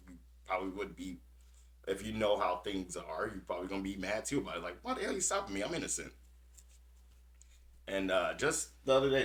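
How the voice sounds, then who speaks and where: Reading news aloud on his podcast, the host has a low-pitched, fairly bright voice with a breathy edge. He trips over words now and then and gives frank, heavily cursing commentary on each story.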